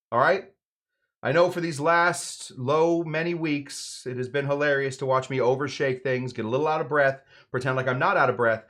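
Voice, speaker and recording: A man hosting a live cocktail show, walking through a recipe with playful, rambling jokes and mumbled asides. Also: mid-range voice. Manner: playful, rambling, swings between loud emphasis and mumbled asides. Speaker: home bartender host. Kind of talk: jokey live cocktail demo.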